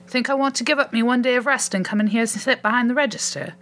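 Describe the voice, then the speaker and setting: A woman voicing a chatty, grumbling male shopkeeper who tells jokes, with her voice raised in pitch. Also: quick pace, fairly bright tone, lightly acted. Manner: chatty, grumbling, joke-telling. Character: grumbling male corner-shop keeper telling jokes.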